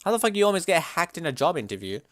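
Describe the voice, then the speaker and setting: A young man livestreaming, chatting casually and reacting to chat in a slangy, animated way. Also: a little high, very fast, dry recording, clean studio sound.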